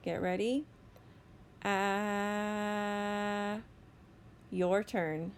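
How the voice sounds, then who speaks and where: A woman teacher giving a slow, deliberate phonics lesson to young children, stretching out each sound. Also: mid-range voice, lively intonation, creaky, dark tone, slight background noise. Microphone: recorded voice-over for a whiteboard lesson video.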